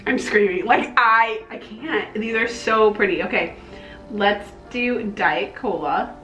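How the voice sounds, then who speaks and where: A young woman with a twang, gushing excitedly as she reviews a makeup palette in a casual vlog. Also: mid-range voice, slow pace, echoey room, faint music behind, low-quality recording. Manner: gushing, excitable, slangy, with breathy exclamations. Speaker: beauty vlogger.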